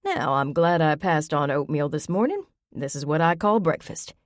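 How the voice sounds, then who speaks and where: Jovial man, playful and teasing, low voice, read by a woman narrator. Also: animated, moderate pace, no room sound, clean studio sound.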